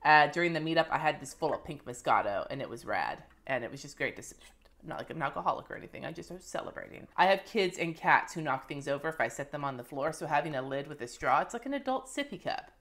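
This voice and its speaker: A woman in her thirties with a low, fairly bright voice, lively intonation, and a fast pace chats casually and swears freely. As a planner and lettering vlogger, she shows her favorite planner supplies to the camera in a monthly favorites vlog.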